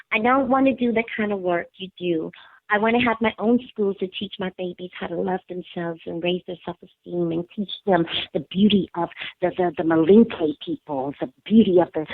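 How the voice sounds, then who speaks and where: A middle-aged hair braider and school founder calls in as an interview guest, telling her story with emphatic, animated energy and acting out the voices of those involved. Her middle-pitched voice comes over a tinny phone line, dry and close with no room sound.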